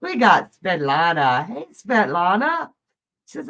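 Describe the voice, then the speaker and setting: A woman's voice: fairly low pitch, huge pitch swings, slow pace, fairly bright tone, highs cut off. Woman doing live tarot readings. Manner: chatty, laughs often, reads viewers' questions aloud. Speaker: psychic livestream host.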